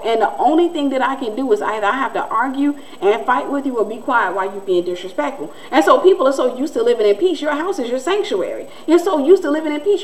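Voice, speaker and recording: A woman, preaching in a conversational, animated way and acting out the voices she quotes. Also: high voice, low-quality recording. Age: 40s. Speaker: Christian teacher and host. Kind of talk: preaching-style teaching talk.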